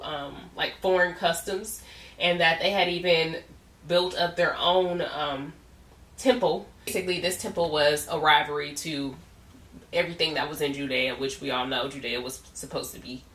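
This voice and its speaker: Casting: low-pitched woman, casual devotional host, laughs often, recorded away from the mic in a roomy space. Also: steady tone, normal speed, a bit bright. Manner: chatty, laughs often, colloquial asides. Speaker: podcast host. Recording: roomy echo, distant from the mic.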